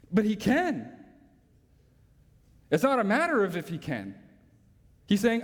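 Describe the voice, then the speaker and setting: A man's voice: sits high, huge pitch swings, moderate pace, long pauses. A man preaching a sermon as pastor, emphatic, drawing in listeners with rhetorical tag questions. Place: church sanctuary. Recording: long reverb from a large hall.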